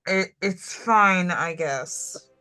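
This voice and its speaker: A woman's voice: lowish voice, extremely slow, sharp tone, smooth, soft background music, heavily acted. A woman voicing a guilt-ridden, prickly female agent who speaks bluntly and sullenly.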